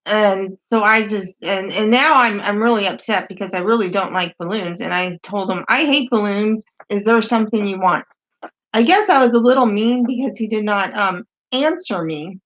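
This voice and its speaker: Deadpan woman reading messages aloud, lo-fi. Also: medium pitch, normal speed. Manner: deadpan, wry, laughs at the messages. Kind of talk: comedic reading of dating-site messages. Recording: dull lo-fi sound.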